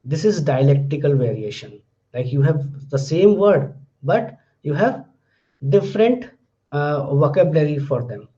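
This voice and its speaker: High-voiced lecturer. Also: male voice, lively intonation, a little slow, warm tone. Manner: explains patiently, repeating phrases and examples. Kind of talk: university phonetics lecture. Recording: muffled lo-fi classroom recording.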